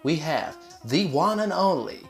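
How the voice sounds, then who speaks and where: A performer playing a fawning, excitable male talk-show host in an improvised comedy sketch. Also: mid-range voice, unhurried, gravelly. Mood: gushing. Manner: fawning, over-the-top. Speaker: interviewer. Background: faint sitar music.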